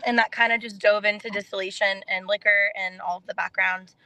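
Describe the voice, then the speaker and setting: A young adult woman from North Texas, chatting casually as a guest on a podcast and telling her story in a relaxed way. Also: medium pitch, moderate pace, noisy background. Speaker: contestant guest.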